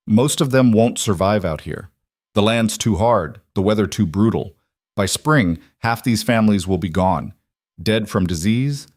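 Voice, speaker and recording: A man voicing a smooth federal marshal from the East with an Eastern accent, speaking in a neutral, professional tone. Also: fairly low pitch, no echo, studio quality. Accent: Eastern American.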